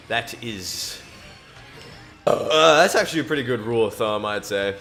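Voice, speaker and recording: A man's voice: medium pitch, lively intonation, moderate pace, a bit bright, soft background music. A man chatting to himself while playing a racing game, laughing often and reading scripture aloud in between. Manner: self-amused, laughs often, talks to himself. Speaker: gamer. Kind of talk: casual gaming commentary mixed with scripture reading.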